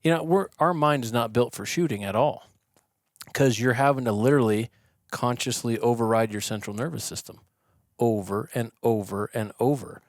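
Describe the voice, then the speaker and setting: A man guesting on a podcast, explaining in a casual, animated way and acting out the yelling of the people he quotes. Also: medium pitch, moderate pace, no echo, clean studio sound. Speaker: podcast guest, shooting instructor. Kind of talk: conversational explaining. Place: podcast studio.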